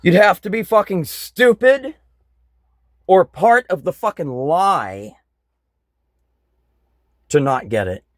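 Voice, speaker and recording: Slow-talking, angry man ranting. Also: high voice, lively intonation, dry recording. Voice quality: blunt, frequent swearing, bitter. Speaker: vlogger. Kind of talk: angry political rant.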